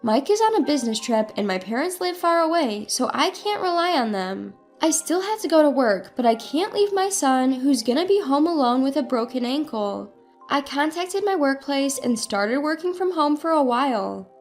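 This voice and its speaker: A woman's voice: high-pitched, very animated, normal speed, soft background music. A woman telling a first-person story in earnest, dramatic scripted narration.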